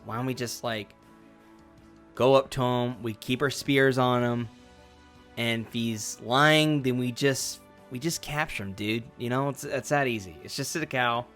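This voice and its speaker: A man's voice: mid-range voice, a bit bright, close to an everyday voice. A man voicing a laid-back, scheming male guard who talks in a casual, slangy drawl.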